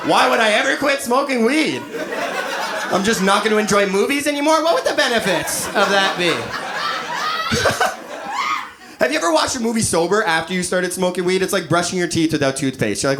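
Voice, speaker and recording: Animated man in his thirties doing stand-up. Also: high-pitched, normal speed, long pauses, heavy background noise. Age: 30s. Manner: animated, crude, acts out quoted voices. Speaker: stand-up comedian. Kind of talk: stand-up comedy set. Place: comedy club stage before a laughing audience.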